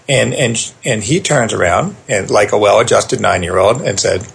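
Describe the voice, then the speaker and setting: Middle-aged male therapist guest, gravelly and husky, animated storyteller. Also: medium pitch. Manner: animated storyteller, quick asides. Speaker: therapist and parenting author, guest. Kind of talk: conversational storytelling.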